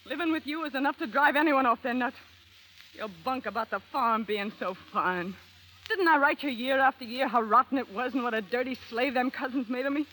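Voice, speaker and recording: A woman's voice: sits high, brisk, bright, forceful tone, low-quality recording. An actress playing a bitter, defiant young woman confessing a shameful past, in a blunt, slangy, scornful way. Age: young adult. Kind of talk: dramatic acting.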